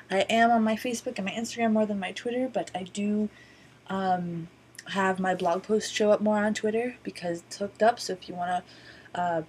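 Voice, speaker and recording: A woman chats into a laptop webcam, telling work stories in a loose, rambling way full of "um"s and the odd curse. Her voice is husky and a little breathy, at a middling pitch. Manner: rambling, lots of "um", wry and profane. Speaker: vlogger. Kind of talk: casual storytelling to camera. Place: indoors at a borrowed laptop.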